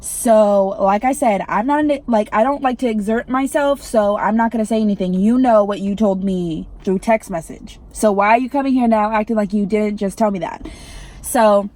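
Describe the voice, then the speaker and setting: A woman's voice: medium pitch, moderate pace, a little mellow. A young woman, telling an irritated storytime rant to her vlog viewers, swearing and saying "like" a lot. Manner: irritated, swearing, heavy use of "like". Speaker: vlogger.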